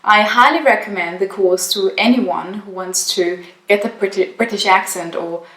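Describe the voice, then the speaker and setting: A woman's voice: mid-range voice, moderate pace, a bit bright. Woman in an echoey room. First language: German. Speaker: university student. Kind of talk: spoken testimonial.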